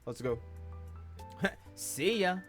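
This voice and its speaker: Animated, cursing streamer man. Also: on the high side, very slow, soft background music. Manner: animated, swears a lot, excitable outbursts. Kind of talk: reading a webcomic aloud with commentary.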